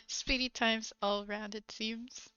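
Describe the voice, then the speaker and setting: A woman's voice: on the high side, clean tone, no room sound. A woman streamer chatting casually and giggling often while she crafts on a livestream, recorded on a slightly dull desk mic.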